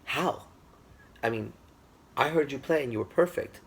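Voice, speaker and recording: A man voicing an eager, commanding male king in a spoken story, with a gravelly, husky voice. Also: mid-range voice, lively intonation, moderate pace, voice pushed up. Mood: amazed.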